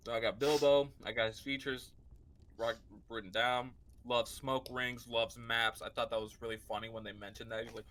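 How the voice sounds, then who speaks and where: A man's voice: medium pitch, level tone, normal speed, a bit bright. A man co-hosting a book club podcast, rambling casually with plenty of filler words and frequent laughter. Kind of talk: casual chat.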